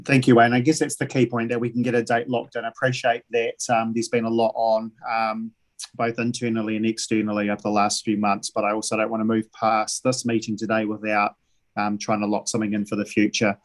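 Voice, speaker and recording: A man with a New Zealand accent chairing a council meeting, speaking haltingly with many fillers and restarts. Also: on the low side, completely flat delivery.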